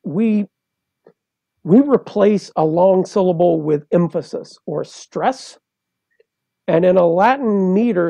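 A man's voice: sits high, gravelly, warm tone, no room sound. A man, a poet and translator, explaining things step by step in a professorial way as a guest in an interview. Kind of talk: interview conversation.

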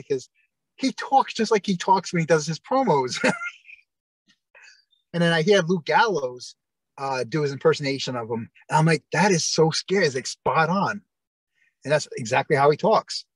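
A man's voice: fairly high pitch, animated, normal speed, no room sound, low-quality recording. A man telling long, rambling stories as the guest in an interview, often restarting and quoting what people said. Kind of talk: casual storytelling interview.

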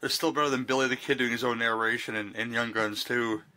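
A man's voice: medium pitch, steady tone, fast, pushed and bright. A man co-hosting a podcast, chatting casually about a movie, rambling with frequent restarts. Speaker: podcast co-host. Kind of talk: casual movie-discussion chat.

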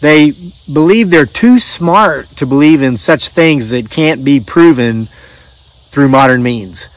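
Reading viewer stories aloud between casual chat on his channel, a middle-aged man takes things slowly in a slightly high voice. He comes across as folksy and rambling and keeps restarting his sentences.

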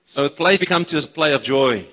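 Man, South African accent, pastor preaching, fairly high voice, long church-hall reverb. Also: quick pace. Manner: excitable, interacts with the congregation. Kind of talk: sermon. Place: church auditorium.

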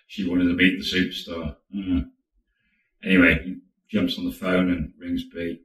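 A man's voice: deep voice, flat delivery, a little slow, long pauses, a bit bright, roomy sound, recorded from a distance, poor audio. A man casually telling a true story, chatty and acting out quotes as he goes. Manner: chatty, acts out quotes, laughs now and then.

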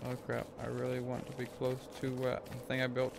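A man casually talking through his gameplay as a streamer, rambling and thinking aloud, with sudden excited whoops. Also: medium pitch, a little fast, gravelly, background noise. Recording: game music playing under the voice. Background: game music.

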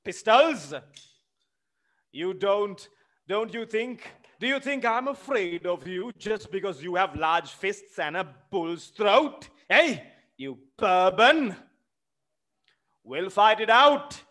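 A man's voice: high voice, expressive, slow pace, fairly bright tone, pitched above the performer's own voice, full character voice. A man reading aloud as a rude, hot-tempered landowner who blusters and challenges in a play reading. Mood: blustering.

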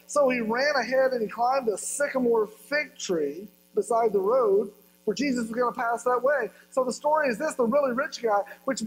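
A male pastor delivers a sermon, retelling a story with humor and briefly acting out its voices. His voice sits high for a man. A faint electrical hum runs under the recording. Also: poor audio.

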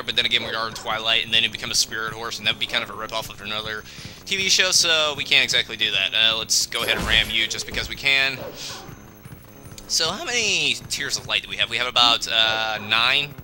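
A man's voice: medium pitch, animated, quick pace, pushed and bright. A young man giving casual, joking game commentary, chatty and a bit grumbly.

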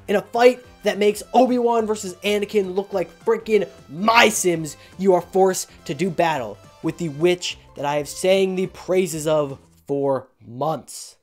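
A woman narrating a video game story recap in a scripted, playful style with sarcastic asides. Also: fairly low pitch.

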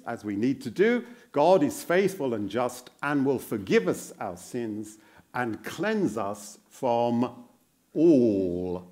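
A male guest preacher delivering a sermon in a church. He speaks slowly and earnestly, and his voice rises and falls widely. He puts questions to the congregation, praises their answers like an encouraging teacher, and repeats phrases for emphasis. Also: medium pitch, darkish tone.

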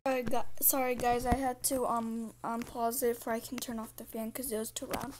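A woman's voice: on the high side, flat delivery, fairly quick, few pauses, background noise. A young female creator chatting with her viewers hesitantly and with lots of ums, while a fan runs behind her. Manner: rambling, hesitant. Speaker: video creator. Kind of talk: casual chat to viewers.

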